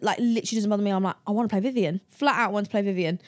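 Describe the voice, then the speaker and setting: A young woman, a guest on an interview show, telling anecdotes in a lively, chatty way and acting out the people she quotes with a raised voice and frequent laughs. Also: mid-range voice, very fast. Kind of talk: casual interview chat.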